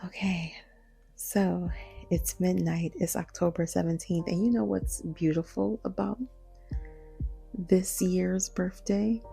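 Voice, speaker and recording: Slow, hushed, gravelly woman in her forties. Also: fairly low pitch, fairly even intonation, faint music behind. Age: 40s. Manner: hushed, half-whispering, slow and reflective. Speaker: podcast host. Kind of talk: late-night solo podcast talk. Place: home at night.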